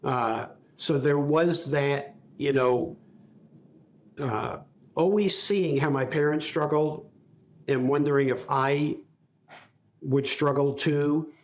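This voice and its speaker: Older man telling stories, slightly high voice. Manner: reflective, speaks in halting restarts while recalling. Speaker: podcast guest. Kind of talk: casual interview storytelling.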